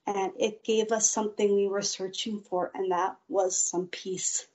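A woman's voice: medium pitch, flat delivery, a little mellow, rough recording. A woman guest earnestly telling a personal faith testimony in an interview. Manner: slow, earnest storytelling.

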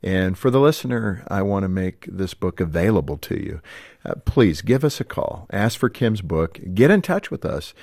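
A man's voice: low voice, big pitch swings, normal speed, gravelly, a little mellow, dry recording, clean studio sound. A man hosting a radio interview show, earnest in his closing remarks.

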